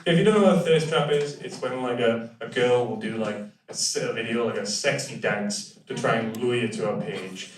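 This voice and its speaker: A young man doing a stand-up comedy set on a club stage, chatty and crude with deadpan punchlines and quick audience banter. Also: mid-range voice, far from the mic, a little hiss or hum. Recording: roomy club sound with loud audience laughter. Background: audience laughing and cheering.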